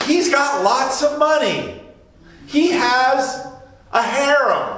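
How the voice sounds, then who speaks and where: A man's voice: very high-pitched, expressive, slow pace, fairly bright tone, slight background noise. A man preaching an informal, joking sermon as a pastor, acting out voices in his quotes. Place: church sanctuary. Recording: distant mic in a very echoey room.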